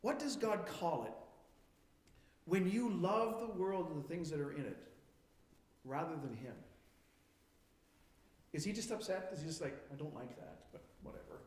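High-voiced pastor preaching in an echoing church. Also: male voice. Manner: asks the congregation rapid questions, shifting from quiet to emphatic. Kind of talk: sermon.

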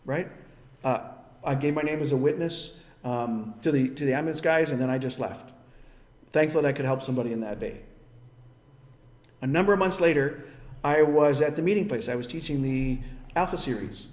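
A man's voice: medium pitch, fairly quick, pauses often, a little mellow, reverberant. A man preaching a sermon as a pastor, telling a story in an earnest, emphatic way.

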